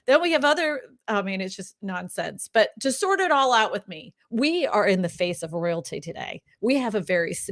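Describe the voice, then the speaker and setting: A woman hosting a casual live stream, upbeat and quick to laugh, talking with many fillers and restarts. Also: mid-range voice, animated. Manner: laughs often, upbeat and chatty; filler-heavy, restarts often. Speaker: real estate live stream host.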